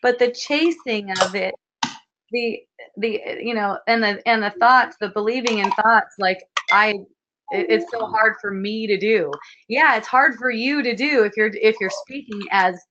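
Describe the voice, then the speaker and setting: A woman hosting an online spiritual dialogue, speaking gently and repetitively, often asking "see?". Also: a little high, measured pace, dull audio, slight background noise. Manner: soft, repetitive, frequently asks "see?". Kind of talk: gentle spiritual guidance talk. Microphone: video call.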